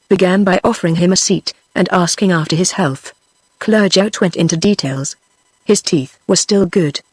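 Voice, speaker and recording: A text-to-speech woman's voice with a British English accent, reading a novel aloud in an even, machine-paced way. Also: fairly low pitch, no echo. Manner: even, machine-read pacing. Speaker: audiobook reader. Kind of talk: synthetic audiobook narration.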